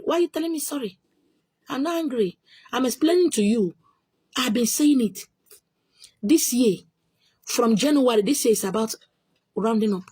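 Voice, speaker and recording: A woman's voice: a little high, expressive, a little fast, pauses often, darkish tone, husky, no echo. A Nigerian woman with a Nigerian accent, a spiritual teacher answering viewer questions on her own video channel in an emphatic, insistent way, repeating her points.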